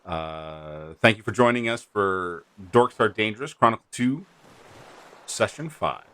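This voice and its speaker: A man's voice: fairly low pitch, lively intonation, measured pace, fairly bright tone, clean tone. A man narrating as game master in a rambling, hesitant way with many fillers.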